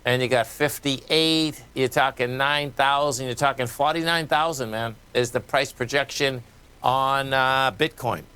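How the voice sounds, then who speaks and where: A man's voice: mid-range voice, unhurried, sharp tone, clear, resonant tone. A man with a Boston accent hosting a live radio market show, talking casually and folksily as he reads numbers off charts. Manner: casual, folksy, talks while reading charts.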